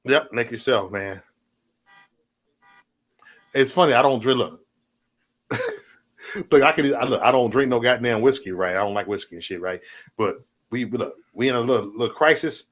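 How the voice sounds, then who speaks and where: A man's voice: mid-range voice, moderate pace, pauses often, fairly bright tone. A man hosting a casual livestream from home, talking in loose, profane, laughing banter. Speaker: livestream host.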